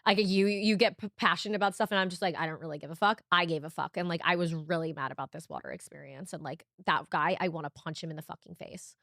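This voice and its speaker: Young female podcast co-host, rapid chatty storyteller, dry studio sound. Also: fairly low pitch, vocal fry, no room sound. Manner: animated, swearing, full of "like". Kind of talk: casual storytelling chat.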